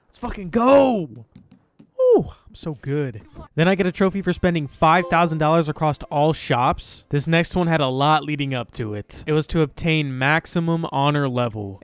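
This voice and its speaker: A man giving excited commentary over gameplay, shouting, swearing and laughing at what happens on screen. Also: fairly high pitch. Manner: laughs often. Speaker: gaming video creator.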